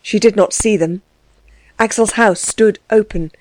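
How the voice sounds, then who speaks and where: A woman reading a novel aloud as narrator in measured, even storytelling. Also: medium pitch, no room sound. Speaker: audiobook narrator. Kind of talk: scripted narration.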